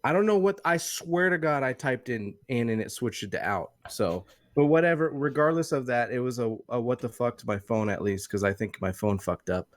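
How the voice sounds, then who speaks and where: A man in his thirties tells a long, rambling, profane story as a podcast co-host. His voice sits at an ordinary middle pitch. It is recorded close to the mic with a dry, dead sound. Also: a little fast, few pauses, no room sound. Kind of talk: casual chat.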